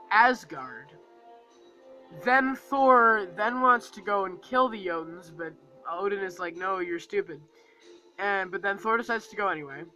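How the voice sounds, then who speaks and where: A man's voice: high voice, sharp tone, rough recording. A man giving a casual, rambling movie review, full of fillers and acting out lines from the film.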